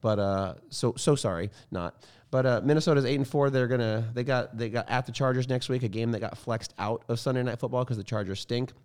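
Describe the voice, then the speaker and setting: A man talking football at a quick clip, his thoughts tumbling out with restarts and corrections. His pitch sits in an ordinary middle range. He sounds casual and easily excited. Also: clean tone. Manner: excitable, rambling, frequent self-corrections. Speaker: sports podcast co-host. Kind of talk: casual sports chat.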